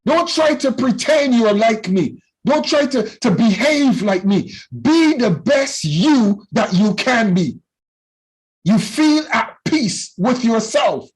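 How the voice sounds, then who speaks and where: A man teaching a youth class in a loud, passionate preaching style, often calling out to his listeners. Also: very high-pitched, lively intonation, takes it slowly, husky, rough recording. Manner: loud and passionate, with call-and-response phrases.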